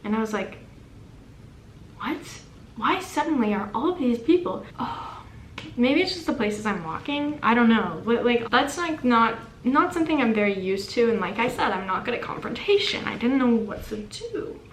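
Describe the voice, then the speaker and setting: A young woman vlogger telling a story in casual, animated, self-deprecating chat. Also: fairly high pitch, normal speed, a little hiss or hum. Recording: echoey room with faint ambience.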